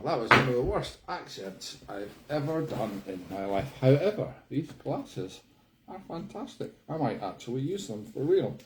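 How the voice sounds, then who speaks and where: A man hosting his own live stream, talking casually and mocking himself with loud exclamations. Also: medium pitch, sing-song, measured pace, roomy sound, background noise.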